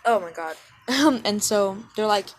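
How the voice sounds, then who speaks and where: A woman's voice: mid-range voice, expressive, a little slow, slight background noise, low-quality recording. Rambling young woman retelling a fan story. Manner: rambling, self-correcting, apologetic.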